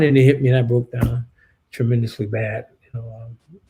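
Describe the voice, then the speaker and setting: A man, a guest in an interview, telling a painful personal story in a halting, shaken way with many restarts. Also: medium pitch, level tone, dark tone, slight background noise, poor audio. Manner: shaken and subdued.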